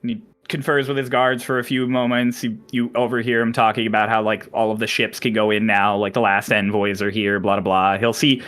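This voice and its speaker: A man's voice: on the low side, level tone, fairly quick, few pauses, a bit bright, soft background music. A man narrating as game master of a tabletop game, in a casual, rambling way.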